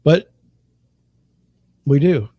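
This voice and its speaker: A middle-aged man speaks in a slightly raised but mellow voice, venting his frustration in a rambling, repetitive way. The recording is dry and close, with no room echo. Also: fairly high pitch, expressive, drawn-out words, husky. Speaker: real estate broker. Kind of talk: candid monologue to camera.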